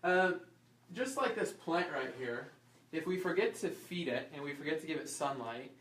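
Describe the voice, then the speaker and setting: A chiropractor teaching an informal health class, quizzing the audience and acting out small scenes. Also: male voice, a little high, moderate pace. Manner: lively, asks the audience questions and acts out little scenes. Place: class room. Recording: echoey room, voice from far off.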